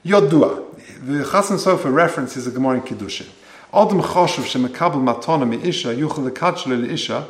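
A man teaching a Torah class explains each Hebrew phrase in English as he goes, frequently restarting his sentences. He talks fast in a mid-range voice with lively intonation, and the room is reverberant.

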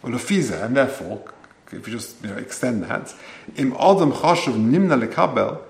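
This man leads a Torah class, rendering every Hebrew phrase into English and restarting his sentences again and again. He has a medium-pitched, gravelly, expressive voice, talks a little fast, and the sound is roomy.

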